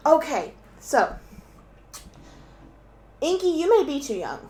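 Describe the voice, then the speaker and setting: A young woman chatting casually at home as a stream guest, excitable and swearing freely, sometimes bursting into loud laughing shouts. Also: high-pitched, takes it slowly, long pauses. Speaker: guest co-host on an art stream. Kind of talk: casual chat.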